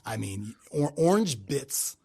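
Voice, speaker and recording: A man's voice: mid-range voice, slow pace, vocal fry, slightly rough. A middle-aged man with a Midwestern accent, a radio personality joking and telling stories as a podcast guest on a home podcast mic. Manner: animated, joking storyteller. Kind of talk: casual chat.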